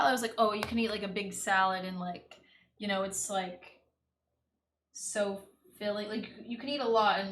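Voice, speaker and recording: A woman's voice: medium pitch, a bit bright, a little hiss or hum. Chatty young woman streamer, echoey room. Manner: rambling, lots of "like" and "you know". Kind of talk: casual chat while painting on stream. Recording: echoey room with faint ambience.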